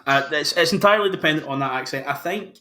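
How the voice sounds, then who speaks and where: A man's voice: on the high side, quick pace, bright, forceful tone. A man hosting a casual podcast chat, talking enthusiastically about casting with frequent restarts. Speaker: podcast host.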